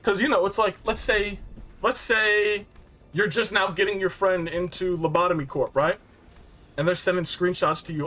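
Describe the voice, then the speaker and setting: High, bright-voiced excitable young man. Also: normal speed. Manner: excitable, rambling, slangy retelling with many fillers. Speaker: game reviewer. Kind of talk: casual storytelling recap.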